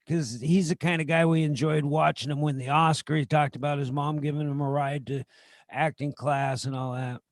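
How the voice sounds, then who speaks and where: Chatty guy on a video call show, voice on the high side, laughs a lot, dry sound. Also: fairly even intonation, normal speed, no room sound. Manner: chatty, laughs between lines. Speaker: co-host. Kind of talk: casual chat, guessing movie quotes.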